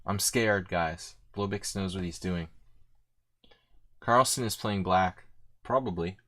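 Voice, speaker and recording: A man's voice: low-pitched, slow pace, pushed and bright. A man streaming blitz chess, talking casually and thinking aloud, unsure of himself and self-mocking, with many fillers. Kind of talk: casual live commentary while playing.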